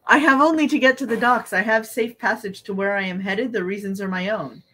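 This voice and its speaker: A woman's voice: mid-range voice, fairly quick, sharp tone, slight background noise, lightly acted, low-quality recording. A woman reading out a stubborn young noble girl's fan fiction dialogue in a plain read-aloud voice. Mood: guarded.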